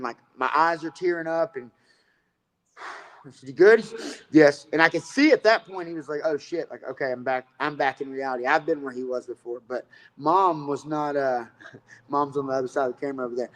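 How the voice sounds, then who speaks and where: Profane, animated man telling fight stories. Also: a little high, low-quality recording. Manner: profane, rambling, animated storytelling. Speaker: fighter and coach. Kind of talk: casual storytelling interview.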